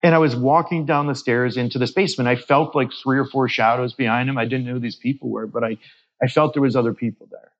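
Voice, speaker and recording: A man's voice: medium pitch, fairly even intonation, quick pace. Man retelling a story, slightly muffled. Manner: acts out quoted dialogue while retelling a story; frequent restarts and repeated words. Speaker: guest medium. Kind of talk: storytelling in a podcast interview.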